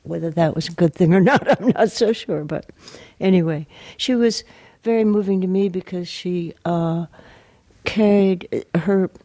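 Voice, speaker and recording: An older woman poet talking in a radio interview, soft-spoken and hesitant, pausing often, and reading her poems aloud. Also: fairly low pitch, no echo. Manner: hesitant, soft-spoken, many pauses and fillers.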